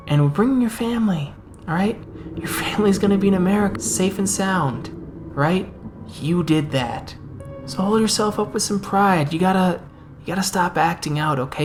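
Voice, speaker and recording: A woman voicing a smooth-talking male human trafficker guard who coaxes a prisoner with false reassurance. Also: fairly low pitch, natural voice.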